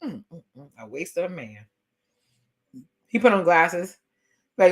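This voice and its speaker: A woman vlogger giving a casual, sassy recap rant with animated delivery and laughing asides. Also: on the low side, a little slow.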